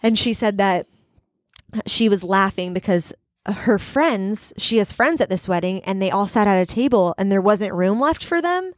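A woman's voice: mid-range voice, expressive, moderate pace, no echo, studio quality. A young woman hosting a casual faith chat, telling earnest, rambling stories. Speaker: podcast host.

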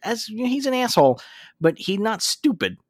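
A man's voice: high-pitched, brisk, no room sound, studio quality. A man co-hosting a podcast, chatting casually and profanely as he recaps a cartoon, laughing often. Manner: laughs a lot, profane, excitable. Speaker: podcast co-host.

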